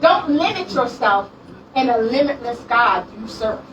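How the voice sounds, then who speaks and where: Woman, late forties, conference testimony, lively storyteller, background noise. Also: a little high, measured pace. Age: late 40s. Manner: animated, laughing storyteller. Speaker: minister and speaker. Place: conference room with audience. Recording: distant mic, audience sounds.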